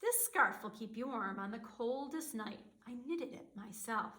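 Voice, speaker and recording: A woman's voice: on the high side, lively intonation, unhurried. Woman putting on a kindly old grandmother. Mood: tender. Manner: warm, fussing, chatty. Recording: roomy echo.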